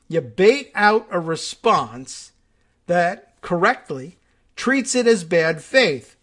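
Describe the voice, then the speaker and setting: A man's voice: fairly high pitch, expressive, measured pace, a bit bright. A man hosting a political talk show, commenting sarcastically and thinking aloud with fillers. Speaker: podcast host.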